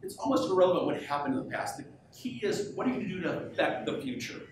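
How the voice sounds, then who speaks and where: A man giving a live business keynote to an audience, energetic and peppering the crowd with questions. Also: sits high, quick pace. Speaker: professional speaker. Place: event hall with audience. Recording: echoey hall, voice from far off, faint hum.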